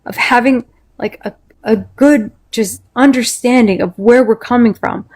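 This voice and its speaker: A woman's voice: a little high, unhurried, a little mellow. An angry woman in a heated live-stream argument, swearing constantly as she vents. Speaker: panel speaker.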